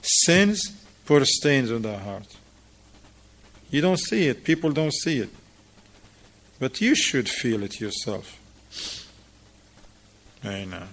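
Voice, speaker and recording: A man leads an informal class in a mosque, speaking slowly and deliberately. His English has a non-native grammar and he keeps drawing his students in with questions. His voice sits at a middle pitch. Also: expressive. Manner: conversational, asks the students questions and repeats their answers.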